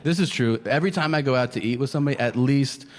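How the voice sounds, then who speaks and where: A man doing stand-up comedy on a stage with a handheld mic, telling a story deadpan and adding wry, self-mocking asides. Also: medium pitch, fast talker, noisy background. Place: comedy stage before a live audience. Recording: long hall reverb with clear room ambience.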